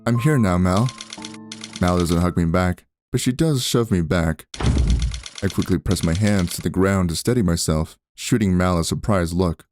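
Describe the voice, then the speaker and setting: A man reading a visual novel aloud in a steady first-person narration. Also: low-pitched, normal speed. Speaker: game narrator. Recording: background music.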